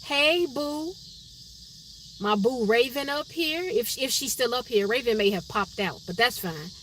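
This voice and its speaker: A woman's voice: a little high, animated, measured pace, fairly bright tone, a little hiss or hum. A woman from Chicago with a Chicago accent, chatting casually on her live stream and answering viewers' comments by name. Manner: chatty, reads viewer names and comments aloud.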